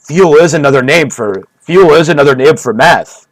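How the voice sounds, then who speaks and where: A man's voice: on the high side, expressive, moderate pace, no room sound. A man rambling through a mock-serious comedic monologue, repeating himself often, in a streaming style.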